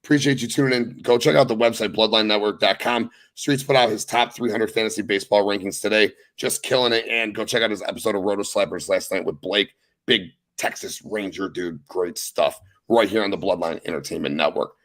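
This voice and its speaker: A young man hosting a casual wrestling recap podcast, talking with excited, profane emphasis. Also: fairly low pitch, a little fast. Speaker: podcast host.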